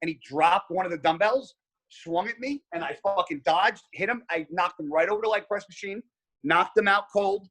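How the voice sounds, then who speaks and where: A man with a slightly high, husky voice tells a story as a podcast guest. He talks with a forceful, tense edge and swears constantly. His delivery is animated and casual. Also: moderate pace. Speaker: podcast guest, pro bodybuilder.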